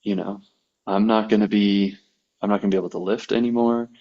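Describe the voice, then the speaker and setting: A man with a fairly low voice tells a personal story in relaxed podcast conversation, slipping into the voices of the people he quotes. The recording is a bit dull and lo-fi. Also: fairly quick. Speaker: podcast guest, massage therapist.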